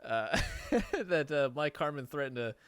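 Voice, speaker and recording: A man's voice: on the high side, measured pace, a bit bright, smooth, dry recording, studio quality. A man telling a story on a podcast in a casual, rambling way, swearing and laughing often. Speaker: podcast host. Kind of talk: casual chat.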